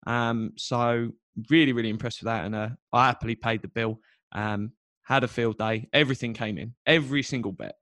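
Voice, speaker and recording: A man's voice: mid-range voice, steady tone, a little fast, a bit bright, no echo. Laid-back London man, dry close sound. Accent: British, London. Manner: laid-back, chatty with many ums. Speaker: podcast co-host. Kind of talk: casual chat.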